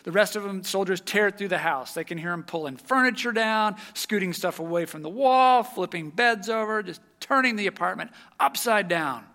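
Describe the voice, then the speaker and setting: Guy preaching, kinda high voice, bright and punchy, tells the story big then goes quiet. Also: moderate pace, hardly any pauses. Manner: animated storyteller, drops to a hush for tense moments. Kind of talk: sermon storytelling.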